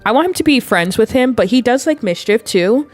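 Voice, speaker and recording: A woman's voice: a little high, lively intonation, fairly quick, soft background music. A woman giving casual, amused commentary on her life-sim game, narrating what her characters do. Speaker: gameplay video creator.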